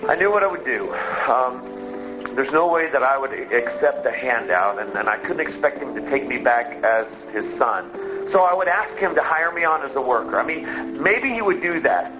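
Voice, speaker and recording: A man performs a remorseful young son walking back to his father's house, speaking in an earnest, halting monologue. His voice sits in a middle range and sounds dull and lo-fi. Loud music plays under him. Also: mid-range voice, lively intonation, lightly acted. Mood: anxious. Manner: hesitant, earnest storytelling monologue. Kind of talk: dramatic monologue in a church skit.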